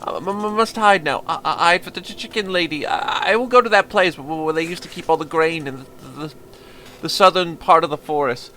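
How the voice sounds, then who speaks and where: A man voicing a timid young male violinist who stutters, apologizes and pleads in a meek, halting voice. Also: a little high, sharp tone, a little hiss or hum. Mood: nervous. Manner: meek and apologetic, keeps saying sir.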